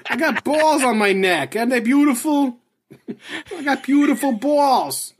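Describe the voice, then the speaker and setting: A man putting on a high, drawn-out voice to play a swaggering street guy who brags about his jewelry. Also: animated, breathy edge, exaggerated voice. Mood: brash. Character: brash big-city street guy bragging.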